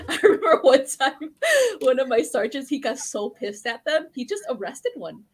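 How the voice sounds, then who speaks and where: A woman's voice: high-pitched, sing-song, slow. A woman guest in a casual podcast chat, telling stories animatedly, laughing a lot and swearing freely.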